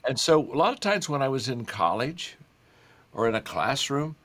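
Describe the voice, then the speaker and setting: An older man, a guest author in an interview, speaking in a warm storytelling way with frequent repeated words. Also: mid-range voice, big pitch swings, moderate pace. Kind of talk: conversational interview.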